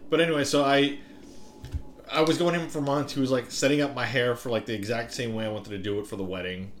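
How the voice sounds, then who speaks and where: A man chatting casually on a podcast, relaxed and halting, swearing now and then as he tells a story. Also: medium pitch, a little hiss or hum.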